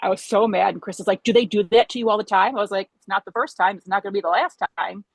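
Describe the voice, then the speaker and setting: A woman talking in a candid podcast conversation, telling stories in an animated way, acting out quotes and swearing. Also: medium pitch, fast talker, gravelly, no echo, low-quality recording.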